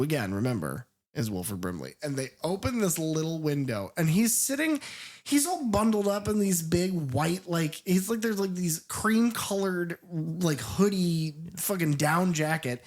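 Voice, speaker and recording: A woman's voice: deep voice, animated, moderate pace, a little mellow. A woman co-hosting a film podcast, talking casually and animatedly, swearing often, laughing and acting out lines from the movie. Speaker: podcast co-host.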